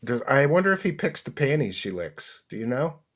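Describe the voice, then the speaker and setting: A man's voice: mid-range voice, big pitch swings, fairly quick, noisy background. A man hosting a casual livestream chat, reading viewer messages aloud and laughing often. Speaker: host.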